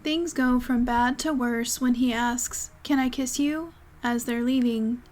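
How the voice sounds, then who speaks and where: Higher-voiced woman narrating commentary. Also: steady tone, measured pace, darkish tone, soft background music. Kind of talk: scripted narration.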